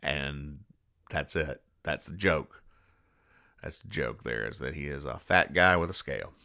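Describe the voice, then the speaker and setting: A man hosting a comedy podcast, explaining comic strips in a dry, deadpan, sarcastic way with frequent restarts. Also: rumbling low, measured pace. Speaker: podcast host reading comics.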